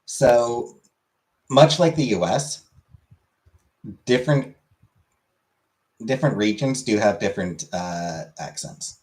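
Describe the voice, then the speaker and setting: A young man talks loosely to his stream viewers, drifting from point to point with plenty of "like" and "you know." His voice sits a bit low and easygoing. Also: slow, pauses often. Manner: relaxed, rambling with many fillers. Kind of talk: casual chat with viewers.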